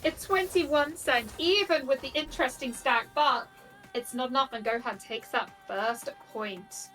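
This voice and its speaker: A woman giving live tournament commentary on a competitive game, bubbly and quick to laugh. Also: high-pitched, pushed and bright, faint music behind, poor audio. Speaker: esports commentator.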